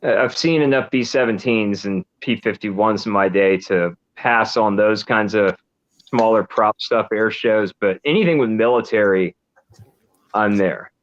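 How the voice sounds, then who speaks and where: A man's voice: on the low side, a little slow, dull audio. A man guesting on a podcast over a video call, easygoing and laughing at himself. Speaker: guest YouTuber. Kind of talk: casual chat.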